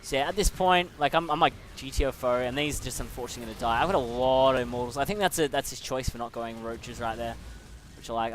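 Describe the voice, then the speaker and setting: A man's voice: mid-range voice, fast talker, a bit bright. Young man, chatty, self-deprecating, casual commentary, faint background noise. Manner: chatty, self-mocking, hums and exclaims. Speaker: player commentating his own match.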